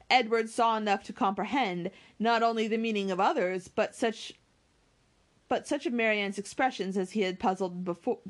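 Woman, audiobook reader of a classic novel, stumbles now and then and corrects herself. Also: medium pitch. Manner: occasional slips and self-corrections. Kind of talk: reading a classic novel aloud.

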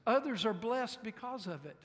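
A male pastor with a high voice delivers an animated sermon, slipping into the voices of the people he quotes. His words ring out with a long reverb, as in a large church hall. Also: moderate pace.

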